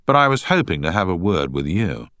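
A man's voice: low voice, big pitch swings, a little fast, a bit bright, no room sound, studio quality. A man voicing a pushy, eager young man who will not take no for an answer.

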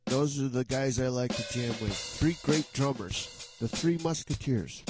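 Man, casual rambling chat, halting restarts, chuckles, middle pitch, faint music behind. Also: a little mellow. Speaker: online jam session host.

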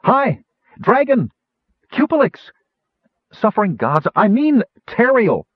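Brash, impatient woman warrior, raised pitch, male narrator, dull lo-fi sound. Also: big pitch swings, takes it slowly, no room sound, full character voice. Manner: loud, blunt and impatient. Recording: dull lo-fi audiobook recording.

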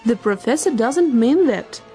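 Dove: earnest explainer, gentle bird, woman reading it. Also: a little high, animated, measured pace, faint music behind. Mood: explaining. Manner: interjecting, explaining.

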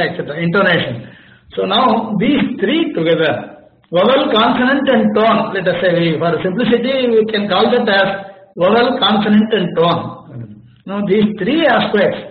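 High-voiced Indian man lecturing, roomy lo-fi. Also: a little hiss or hum. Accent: Indian English. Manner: patient, often checks understanding with "okay?". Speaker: teacher of Vedic recitation. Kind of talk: explanatory lecture. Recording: roomy, dull lo-fi recording.

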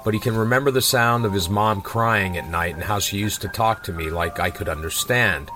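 Low-voiced man casually retelling a comic. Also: a little fast, music in the background, rough recording. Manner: informal, with many fillers. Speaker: comic reviewer retelling a story.

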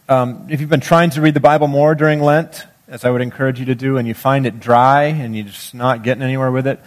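A male pastor delivers a sermon at a middle pitch. He moves between a measured, deliberate reading of scripture and a relaxed, conversational style as he guides listeners into the story. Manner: conversational, guiding listeners through imaginative reading.

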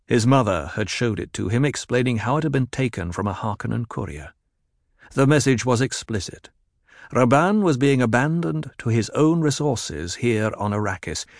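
A man reading a novel aloud in an even, measured narration. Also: medium pitch, creaky, no room sound, studio quality. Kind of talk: scripted audiobook narration.

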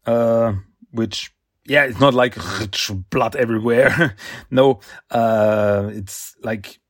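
A man casually retelling a comic issue, halting with fillers and restarts and chuckling often. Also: mid-range voice, fairly even intonation, no echo, studio quality. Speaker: comic recap reviewer.

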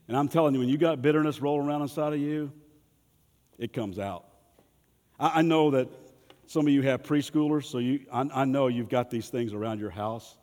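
Folksy preacher in a reverberant hall. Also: male voice, medium pitch, brisk, a little mellow. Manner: folksy, humorous preaching with audience prompts. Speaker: pastor. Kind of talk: sermon.

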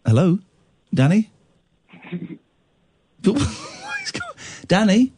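A man's voice: high voice, lively intonation, very slow, dark tone, slight background noise. A man hosting a late-night radio phone-in, teasing and arguing with his callers.

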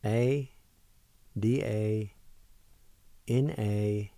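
A middle-aged man teaches a radio language lesson, carefully spelling and sounding out each syllable. His low, mellow voice moves at an unhurried pace. The studio sound is close and dry. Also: no room sound.

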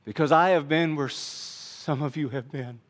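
A man preaching a sermon as pastor, earnest, dropping quiet and then rising to emphatic repeated lines. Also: fairly high pitch, unhurried.

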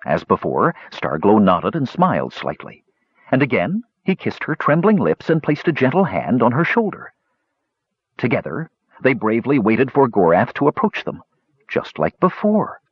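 A man narrating a fantasy story aloud in an expressive, lively reading voice. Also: medium pitch, moderate pace, breathy edge, dry recording. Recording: dull dry lo-fi recording.

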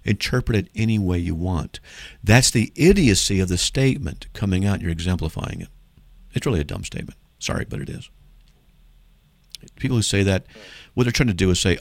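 A man hosting a radio call-in show, his lowish voice swinging up and down as he argues his point. He acts out little back-and-forth exchanges as he goes. The sound is dry and close to the mic. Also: a little fast, vocal fry, no echo. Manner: animated, emphatic, argues by playing out mock dialogues. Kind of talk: call-in radio apologetics talk.

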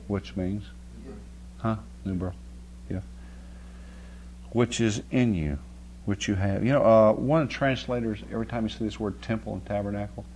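A man's voice: fairly low pitch, darkish tone, a little hiss or hum. A man preaching a sermon, telling a homely story and often checking with his listeners. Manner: folksy storytelling with rising emphasis and frequent "right?" checks. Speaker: pastor.

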